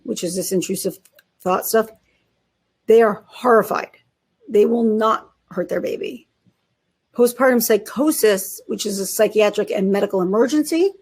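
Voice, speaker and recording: A woman psychiatrist who is a guest in an interview, explaining clinical cases in an emphatic, brisk, conversational way with casual idioms. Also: mid-range voice, darkish tone, husky.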